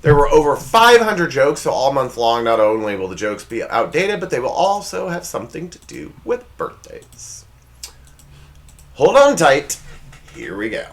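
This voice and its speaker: A man hosts his own comedy show, delivering a comedy monologue at a moderate pace. He's jokey, and his voice swings hugely in pitch as he plays with the punchlines.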